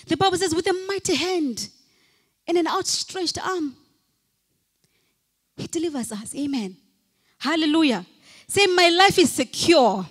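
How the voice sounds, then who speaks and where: A woman's voice: very high voice, lively intonation, measured pace, long pauses. A woman pastor preaching a fervent sermon, calling out repeated hallelujahs and leading the congregation in declarations. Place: church hall. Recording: long hall reverb from a church.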